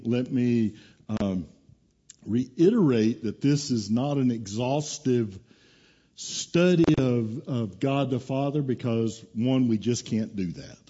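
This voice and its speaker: Male pastor, casual and storytelling, dark warm voice, muffled lo-fi capture. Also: mid-range voice, slightly rough. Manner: folksy, casual, teasing, storytelling. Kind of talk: sermon. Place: church.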